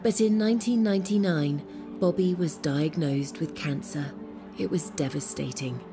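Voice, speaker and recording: A woman's voice: deep voice, normal speed, over music. Woman narrating a documentary.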